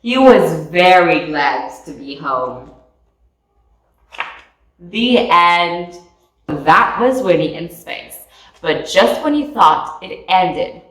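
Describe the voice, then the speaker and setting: A woman reading a picture book aloud with slow, expressive storytelling. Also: on the low side, far from the mic. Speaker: storybook reader. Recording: echoey room, voice off mic.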